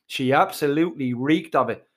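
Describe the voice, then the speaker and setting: A man's voice: medium pitch, moderate pace. A middle-aged Irish man telling a crude, comic story with colourful swearing.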